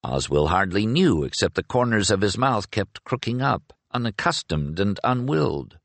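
A man narrating a novel with expressive, scripted storytelling. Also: fairly low pitch, moderate pace, creaky, no room sound. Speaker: audiobook narrator.

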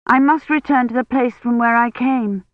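A woman's voice: fairly high pitch, fairly even intonation, moderate pace, no echo, voice pushed up, lightly acted. A reader voicing a feverish young woman historian with a sore throat, frightened and confused. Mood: weak, frightened. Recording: dry tinny phone-like audio.

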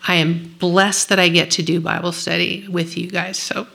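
A woman's voice: on the low side, level tone, normal speed, gravelly, sharp tone, breathy edge. A woman leading a women's Bible study, teaching and praying in an earnest, encouraging way.

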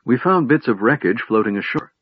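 A man voicing a brisk elf scout. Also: medium pitch, lively intonation, breathy edge, no echo, muffled recording, pitched above the performer's own voice. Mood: reporting. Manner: brisk, reporting. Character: dutiful male elf scout reporting to his leader.

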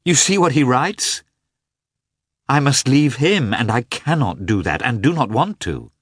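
A man's voice: low-pitched, big pitch swings, measured pace, fairly bright tone, breathy edge, no room sound, clean studio sound, heavily acted. A man reading the part of an anguished young noblewoman who speaks in a trembling voice, in an audiobook.

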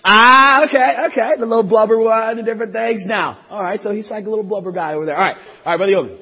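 High, husky-voiced preacher man. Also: quick pace. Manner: animated, laughing, shouts at peaks. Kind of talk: sermon. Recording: long hall reverb, dull lo-fi sound.

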